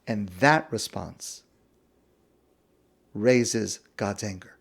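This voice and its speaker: A man's voice: on the high side, lively intonation, slow pace, vocal fry, long pauses. A man teaching as a rabbi in a class on the weekly Torah portion, telling stories with self-deprecating humor and asking pointed questions. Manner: asks pointed rhetorical questions.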